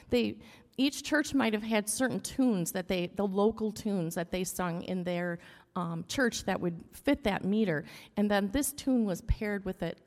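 A woman's voice: mid-range voice, a little mellow. A woman leading a casual hymn lesson for a congregation, explaining rhythm with frequent "okay?" and humming beats. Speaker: church music leader. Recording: long echo of a large room.

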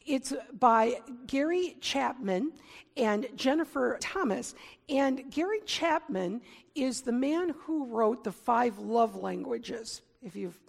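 A woman giving a sermon in a conversational, self-deprecating way, getting animated when she gives examples. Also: on the high side, slow pace, gravelly, in a large hall. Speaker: preacher.

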